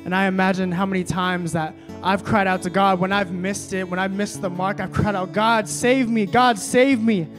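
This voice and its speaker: A young man with a slightly high voice preaches to a young adults crowd. He drops to a hush for scripture, then climbs to loud emphatic exhortation, and gets chatty with lots of fillers when telling a personal story. Soft guitar plays underneath. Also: little pitch movement, fairly quick, hardly any pauses. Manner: casual, many fillers when telling stories. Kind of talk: sermon.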